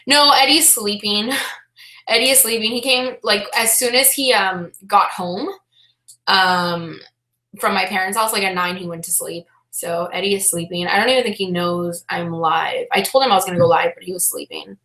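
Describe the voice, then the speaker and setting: A young woman chatting loudly and animatedly on a casual live stream, talking about her life as an online reseller. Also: medium pitch, normal speed. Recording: echoey room.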